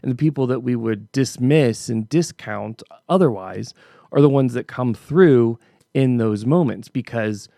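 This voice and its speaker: Middle-aged male podcast host, gravelly voice, casual storytelling monologue, dry close recording. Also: mid-range voice, dark tone, no echo. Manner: conversational storytelling with frequent restarts.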